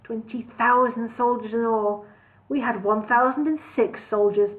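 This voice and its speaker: A woman's voice: a little high, steady tone, normal speed, lightly acted. A woman voicing a composed male elf lord who speaks lightly and matter-of-factly, in a storybook reading. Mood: wry. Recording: tinny phone-like sound.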